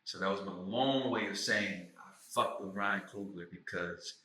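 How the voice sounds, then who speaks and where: St louis dude talking loose and profane, bright forceful voice, echoey room, mic kinda far off. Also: male voice, deep voice, moderate pace. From St. Louis, USA. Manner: animated, profane storytelling with slang. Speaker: podcast guest, actor and writer. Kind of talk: casual conversation.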